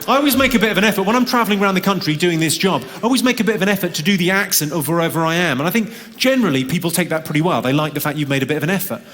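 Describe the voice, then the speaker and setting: A man doing a stand-up routine on a large theatre stage, with a deadpan, quick delivery and crowd work. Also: high voice. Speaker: stand-up comedian. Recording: live hall recording with crowd noise.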